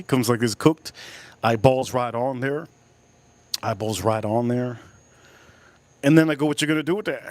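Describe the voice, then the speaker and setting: Guy on a livestream rambling thru a crude story, repeats stuff a lot, dry sound, middle pitch. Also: dry recording. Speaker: livestream host.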